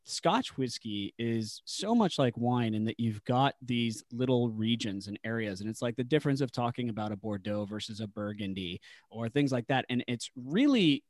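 A man's voice: medium pitch, expressive, moderate pace, a little mellow, dry recording, studio quality. A man chatting casually on a podcast, explaining things at length in a conversational way with fillers. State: married. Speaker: podcast guest, whisky enthusiast.

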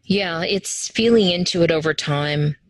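Animated woman, dry close sound. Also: lowish voice, measured pace, dry recording, poor audio. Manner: animated, acts out quoted voices. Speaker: interview guest, human design teacher. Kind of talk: casual conversational interview.

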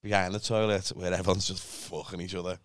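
A man's voice: deep voice, flat delivery, quick pace, clear, resonant tone, no echo, clean studio sound. A man, a guest telling a crude, rambling story in casual chat.

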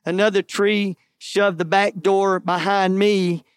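High-voiced man preaching a testimony. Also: flat delivery, slow pace, clear, resonant tone. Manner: earnest storytelling with self-deprecating jokes. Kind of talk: sermon testimony storytelling.

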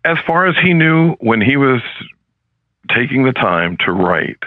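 A male professor speaking as a podcast guest, in an earnest, measured and reflective way, heard over a narrow phone-like line. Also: medium pitch, sing-song, dry recording. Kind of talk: podcast interview. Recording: phone-like, dry, narrow sound.

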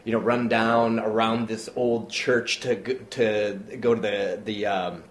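Male storyteller, lowish voice, casual and rambling, roomy room tone with light hiss. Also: a little slow. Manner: animated anecdote-teller, many fillers, acts out quotes. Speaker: playwright and actor, guest. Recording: roomy with faint background noise.

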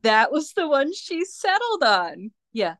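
A woman guest on a podcast, chatting casually in an unhurried way and laughing often. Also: high voice, sing-song, a bit bright, dry recording, clean studio sound. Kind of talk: casual chat.

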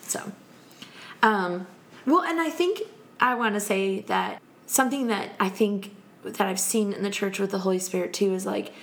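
This podcast guest, a woman in her thirties with a gravelly, mid-range voice, tells a story at normal speed in casual conversation. She's lively, laughing frequently as she performs the quotes.

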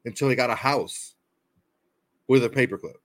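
A man co-hosting a casual post-game sports show, relaxed and laughing easily, often searching for words. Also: medium pitch, normal speed, no echo. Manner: laid-back, laughs often, trails off with fillers. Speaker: podcast co-host.

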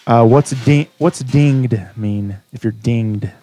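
A man's voice: medium pitch, takes it slowly, warm tone. A man hosting a casual chat, curiously quizzing his guest with questions from a list. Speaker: host.

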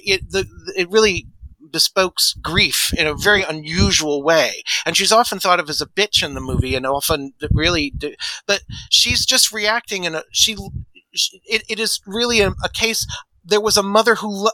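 Man, high pitch, bright tense tone, dry sound, rambling podcast talk. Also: normal speed, dry recording, rough recording. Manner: rambling, lots of restarts. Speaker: podcast panelist. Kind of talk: casual chat.

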